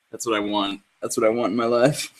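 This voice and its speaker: A man co-hosting a podcast in casual chat, joking around, swearing freely and often trailing off mid-thought. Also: mid-range voice. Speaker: podcast co-host.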